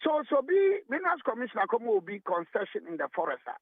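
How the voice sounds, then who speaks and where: A man's voice: very high-pitched, very animated, quick pace, no echo. A Ghanaian man calling in to a radio show, arguing heatedly and repeating himself, switching between English and Twi. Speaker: phone-in caller. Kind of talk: heated radio call-in commentary. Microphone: telephone. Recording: tinny dry phone line.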